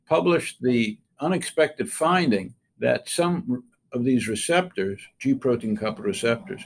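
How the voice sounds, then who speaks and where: An older man, an interviewed scientist, telling an anecdote in a relaxed, wry way and acting out the quoted voices. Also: medium pitch, unhurried. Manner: wry storyteller who acts out quoted voices.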